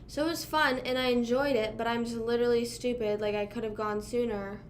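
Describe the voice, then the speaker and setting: A woman's voice: a little high, steady tone, a little fast, slight background noise. A young woman from Pennsylvania chatting casually with live viewers, rambling and self-deprecating, full of fillers. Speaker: livestream host.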